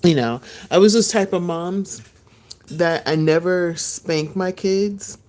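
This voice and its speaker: A woman's voice: on the low side, slow. Middle-aged woman chatting live from her porch. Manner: relaxed, chatty, laughs often, eating while talking. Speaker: vlogger chatting live with viewers. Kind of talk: casual live chat.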